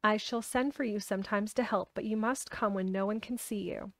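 A proud young boy gives orders in a sharp, commanding way. A woman puts him on while reading a storybook aloud. The sound is dry, with no room echo. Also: medium pitch, fairly even intonation, fairly quick, natural voice.

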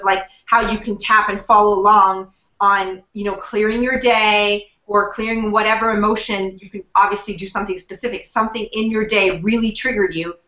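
Bright, chatty woman in a roomy room. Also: mid-range voice. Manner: chatty, many fillers and restarts. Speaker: guest, emotional wellness coach. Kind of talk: conversational explaining. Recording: dull lo-fi sound in a roomy space.

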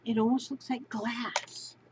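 A woman's voice: a little high, little pitch movement, unhurried, background noise. A woman crafting vlogger doing an unboxing show-and-tell, gushing and exclaiming, often repeating her words.

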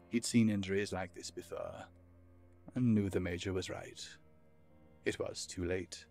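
A man narrating a fantasy audiobook in a measured, expressive storytelling manner. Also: low-pitched.

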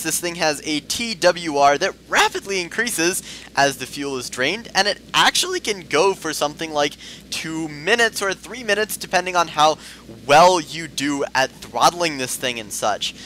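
High-strung man narrating his gameplay. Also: pushed and bright, slight background noise, poor audio. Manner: playful affected voice. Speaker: gameplay video host. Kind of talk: game commentary.

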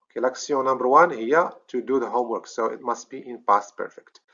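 A man's voice: mid-range voice, fairly quick, gravelly, sharp tone, breathy edge, highs cut off. A man with a Moroccan accent teaching a recorded grammar lesson, explaining step by step, often checking "okay?" and correcting himself. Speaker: English teacher.

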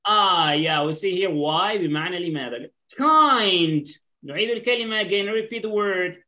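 A woman with a fairly low, pushed and bright voice patiently teaches an online English class on a video call. Her first language is Arabic, which she switches into to explain, and she repeats words slowly.

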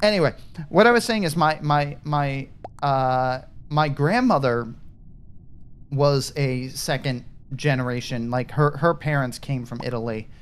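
With a smooth, mid-range voice and a measured pace, this male gaming streamer chats casually about a party game he's playing with friends. He rambles, thinks out loud, and lets thoughts trail off unfinished.

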